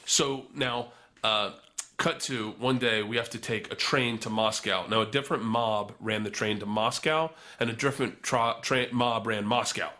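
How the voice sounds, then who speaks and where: A young man with a lowish voice, speaking at normal speed, tells a wild story as a guest in casual podcast chat. He's an animated, profane storyteller who swears freely and acts out the other people's voices.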